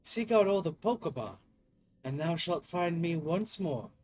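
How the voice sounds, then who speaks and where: A man voicing a solemn male creator god, speaking slowly in old-fashioned, measured phrases. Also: on the high side, animated, darkish tone, slight background noise. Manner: slow, measured, archaic phrasing.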